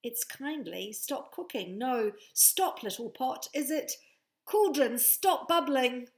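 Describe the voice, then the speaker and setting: An excitable little girl witch squeaks and exclaims her way through a storybook spell, as a woman reads her aloud. Her voice sits high and a touch gravelly. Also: slow. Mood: excited.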